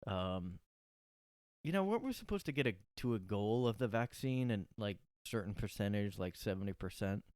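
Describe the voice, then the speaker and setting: Man, solo podcast host, rambling, sarcastic, low smooth voice, dry close sound. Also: lively intonation, normal speed, a little mellow, dry recording. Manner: rambling, lots of fillers, sarcastic. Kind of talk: casual solo monologue. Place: his room.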